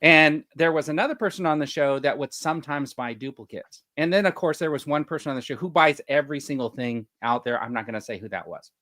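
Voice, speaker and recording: A man's voice: a little high, quick pace, few pauses, pushed and bright, no echo, studio quality. A man co-hosting a casual panel podcast, rambling as he works numbers out aloud and laughing often. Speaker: podcast co-host.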